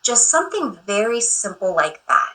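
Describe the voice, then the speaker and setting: A woman in her thirties speaking as a guest on a radio interview show, candid and quick to laugh at herself. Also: mid-range voice, big pitch swings, bright, forceful tone, low-quality recording.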